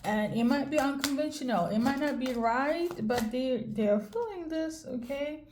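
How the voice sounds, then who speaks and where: A woman with a high-pitched, animated voice does a casual intuitive tarot reading to camera at a normal speed, against a noisy background. She's chatty and candid, speaking directly to the viewer, swearing now and then and checking in with "okay?" as she goes.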